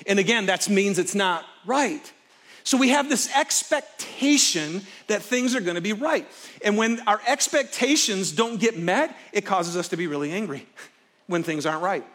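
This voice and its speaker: A middle-aged man preaching a sermon from a stage, telling personal stories expressively and swinging from loud excitement to hushed intensity. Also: high voice. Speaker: pastor. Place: stage before a live congregation.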